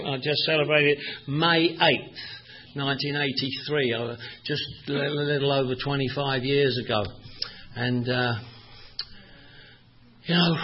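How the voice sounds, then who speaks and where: A man's voice: on the high side, slightly rough. A man from Northwest London with a London accent, speaking at a recovery meeting and giving a wry, profane personal testimony full of repetition. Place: meeting room with an audience. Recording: dull lo-fi recording, faint audience.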